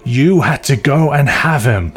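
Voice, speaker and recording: A man voicing a drunk, despairing grown man who pleads and sings hoarsely and miserably. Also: mid-range voice, expressive, a little slow, soft background music, voice pushed up, close to an everyday voice. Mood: miserable.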